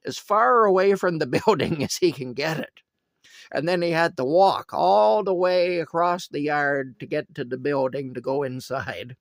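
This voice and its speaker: A man's voice: on the high side, vocal fry, no room sound. A man telling a rambling story casually, with chuckles and asides.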